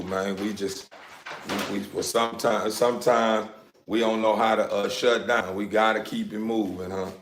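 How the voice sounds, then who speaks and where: A man's voice: on the low side, a bit bright, reverberant, slight background noise. Rambling man on a phone livestream. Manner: rambling, repetitive, laughing, addressing viewers. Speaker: dog breeder livestreaming. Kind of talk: casual livestream chat.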